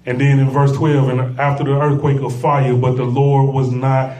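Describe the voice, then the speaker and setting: A man preaching a sermon with call-and-response, repeating phrases and building to shouts. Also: medium pitch, little pitch movement, normal speed, far from the mic. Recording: echoey room, voice off-mic.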